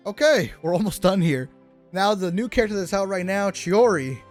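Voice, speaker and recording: A man's voice: high-pitched, lively intonation, moderate pace, soft background music. A young man hosting a casual gaming chat, talking in a loose, rambling way with restarts and the odd curse. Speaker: gaming YouTuber host.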